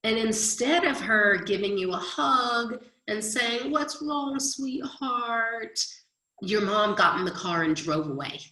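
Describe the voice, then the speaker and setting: A woman's voice: medium pitch, expressive, unhurried, few pauses, pushed and bright, roomy sound, rough recording. A woman history teacher giving a chatty recorded lecture, explaining with everyday examples.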